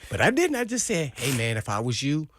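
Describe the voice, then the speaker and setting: A man co-hosting sports talk radio, telling an animated story and acting out the quotes. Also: mid-range voice, a little fast. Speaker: sports radio co-host, former player.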